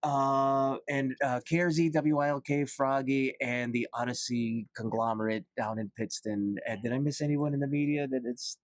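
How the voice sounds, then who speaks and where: A man's voice: mid-range voice, fairly even intonation, moderate pace, hardly any pauses, no echo. A man, a barber shop owner guesting on a podcast, talking with enthusiasm and rattling off lists. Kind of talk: casual podcast chat.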